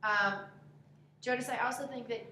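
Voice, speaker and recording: A woman's voice: a little high, fairly even intonation, normal speed, pushed and bright. A woman giving direct acting notes to students, coaching and demonstrating how to deliver lines. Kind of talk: spoken critique of a scene. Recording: echoey room, faint background noise.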